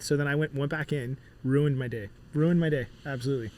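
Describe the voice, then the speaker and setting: A man who is a musician guest on a casual podcast, telling animated stories and acting out bits of dialogue, with lots of filler words. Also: medium pitch, fast, a little hiss or hum. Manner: animated storyteller, acts out dialogue, many fillers.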